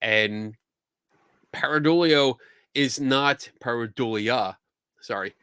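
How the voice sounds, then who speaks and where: A man's voice: mid-range voice, animated, normal speed, fairly bright tone, no room sound, clean studio sound. Chatty Philly man hosting a show. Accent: Philadelphia. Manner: chatty, laughs and swears freely. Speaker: podcast host. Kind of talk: casual livestream chat.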